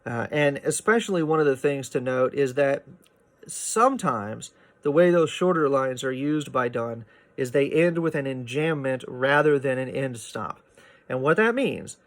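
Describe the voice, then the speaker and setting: A man's voice: fairly high pitch, fairly bright tone. Man explaining poetry with lots of "right?". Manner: explanatory, frequent "right?" and "uh" fillers. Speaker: literature teacher. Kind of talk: recorded poetry lecture.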